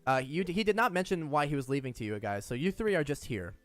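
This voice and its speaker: Male game master, higher pitch, dry close sound with faint music under, loose and profane. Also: big pitch swings, fast talker, fairly bright tone, no room sound. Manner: chatty, casually profane, many restarts. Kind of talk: narrating a tabletop game.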